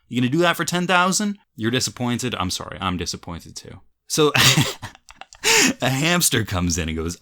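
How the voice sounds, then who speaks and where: A young Canadian man who makes investing videos on YouTube reacts to angry comments in a heated rant full of swearing and frequent laughter. His voice is mid-range and a bit bright.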